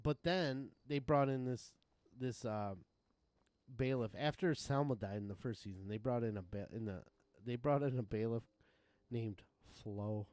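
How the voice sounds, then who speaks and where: Man streamer, casual profane rambler, chuckles a lot, mid-range pitch, desk mic at home. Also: measured pace, a little mellow, no room sound. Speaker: game streamer. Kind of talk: casual live-stream chat.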